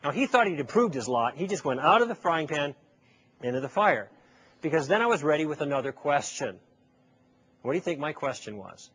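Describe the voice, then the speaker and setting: His voice is fairly high, sing-song, brisk, a bit bright, and husky. In front of a live audience, this public speaker lectures persuasively, telling a story and acting out both halves of a conversation through rhetorical questions.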